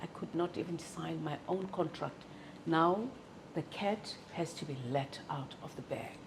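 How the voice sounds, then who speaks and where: Lively South African woman, low voice. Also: unhurried, background noise. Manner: animated, acts out quoted voices, hesitant restarts. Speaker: interview guest. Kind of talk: storytelling in an interview.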